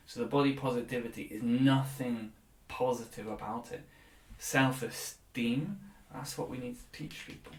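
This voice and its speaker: A man's voice: mid-range voice, moderate pace. Blunt opinionated man, echoey distant mic. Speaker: podcast co-host. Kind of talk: casual chat. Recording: roomy, distant from the mic, faint noise.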